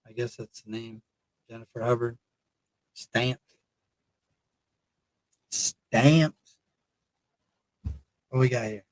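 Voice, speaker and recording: A man's voice: medium pitch, level tone, quick pace, a little mellow, dry recording, rough recording. A tired man hosting a casual live stream in a laid-back, rambling way, thanking his chat. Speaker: host.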